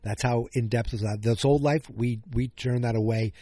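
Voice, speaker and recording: A man's voice: mid-range voice, fairly even intonation, moderate pace, warm tone, no echo. A man hosting a casual solo podcast recap, thinking aloud with many fillers and self-corrections, sounding a bit tired. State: yawning, tired. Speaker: podcast host.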